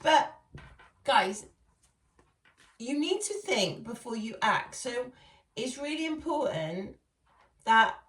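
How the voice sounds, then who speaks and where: Woman, tarot reader, slow delivery, laughs often, roomy echo. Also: a little high, sing-song, a bit bright. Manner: chatty, laughs often, addresses viewers as guys. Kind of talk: casual tarot reading. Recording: echoey room, far from mic.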